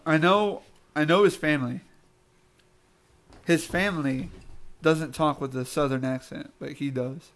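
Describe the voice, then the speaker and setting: A young man co-hosting a casual podcast chat, teasing with deadpan jokes. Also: on the high side, a little slow, pauses often. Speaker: podcast co-host.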